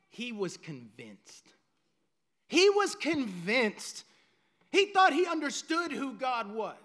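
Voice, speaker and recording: A male pastor with a very high-pitched voice delivers a dramatic, emphatic sermon, sinking into hushed lines before climbing back to loud ones.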